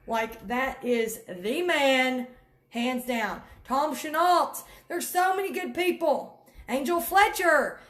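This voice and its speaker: A woman vlogs to her viewers in a high, bright voice. She lectures with emphatic repetition and folksy words like honey and y'all. The room around her sounds bare and echoey. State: near tears at times. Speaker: network marketing vlogger. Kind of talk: direct-to-camera pep talk.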